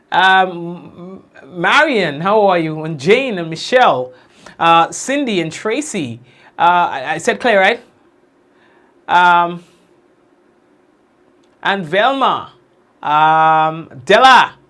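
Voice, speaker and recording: A young man hosting a casual livestream, giving warm shout-outs to commenters by name and drawn-out blessings. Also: high-pitched. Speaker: livestream news host. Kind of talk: casual livestream chat greeting viewers.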